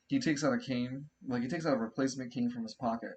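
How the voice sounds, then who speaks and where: Casual, cursing tabletop game master. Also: male voice, medium pitch, steady tone, fast talker, a little mellow, a little hiss or hum. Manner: casual, swears freely, restarts sentences.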